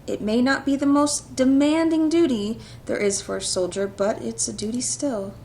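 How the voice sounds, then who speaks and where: A woman's voice: on the high side, steady tone, moderate pace, mellow, close to an everyday voice. A woman reading as a stiff, dutiful male guard captain. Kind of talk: reading a visual novel aloud.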